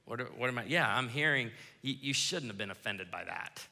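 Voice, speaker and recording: A man preaching a sermon as pastor, lively, acting out quoted lines as he goes. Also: medium pitch, normal speed, vocal fry. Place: church auditorium. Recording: reverberant church hall.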